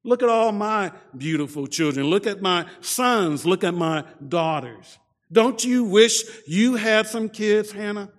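A preacher acting out a taunting rival wife. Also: male voice, sits high, lively intonation, measured pace, long reverb tail. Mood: mocking. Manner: taunting, singsong jabs. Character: mocking jealous rival wife, taunting woman.

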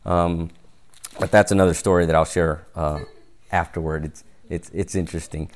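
A man's voice: low voice, steady tone, normal speed. A man preaching a sermon in a conversational way, often adding "right?" and briefly acting out quoted exchanges. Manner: conversational, often adds "right?" to each point; acts out little quoted exchanges in passing.

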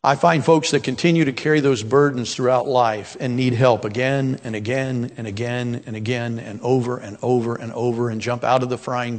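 A man in his sixties preaching a sermon in a folksy, storytelling way, building to emphatic peaks. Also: medium pitch. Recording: long hall reverb.

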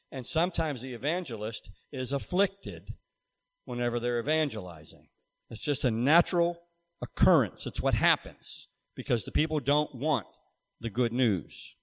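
A middle-aged man preaching a sermon, talking to the congregation in asides and rising to loud cries. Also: a little high. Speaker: pastor.

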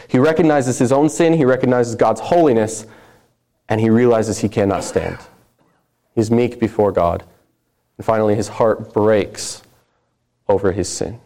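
A man's voice: lowish voice, normal speed, long pauses, mellow. A man preaching a sermon, reading scripture aloud with earnest emphasis.

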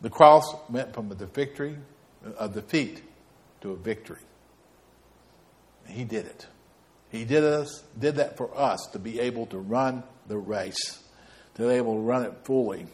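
A man's voice: medium pitch, a little slow, long pauses. A man preaching a sermon as pastor, folksy and rambling, with storytelling asides.

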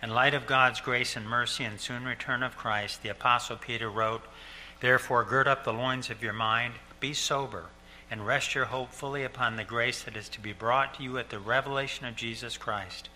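An older male pastor delivers an earnest sermon in a strikingly bright, forward voice, pausing to repeat key phrases slowly. A faint steady hum sits under the recording. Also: medium pitch. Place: church sanctuary.

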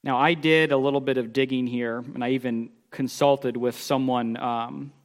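A man preaching a sermon, emphatic, swinging between loud declarations and quiet asides as he reads scripture aloud. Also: medium pitch, fairly even intonation, moderate pace. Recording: long hall reverb.

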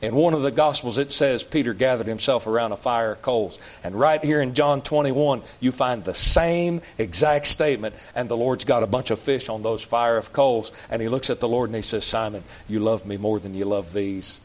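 A man's voice: mid-range voice, normal speed, few pauses. Folksy preacher man. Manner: folksy preaching, rhetorical questions, plain rural phrasing. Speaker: pastor. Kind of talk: sermon. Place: church.

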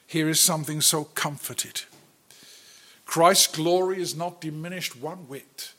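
Slow, earnest male preacher. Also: on the high side. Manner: slow, earnest preaching that swells loud then drops very soft. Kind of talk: sermon.

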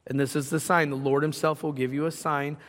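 Pastor, male, higher-pitched, conversational sermon that builds in emphasis; church hall reverb. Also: level tone, a little fast, fairly bright tone. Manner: conversational preaching with rising emphasis.

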